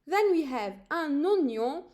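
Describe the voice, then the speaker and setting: Woman teaching vocabulary slowly. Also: high-pitched, expressive, a little mellow. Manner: repeats each word slowly to drill pronunciation. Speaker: French teacher. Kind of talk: language lesson.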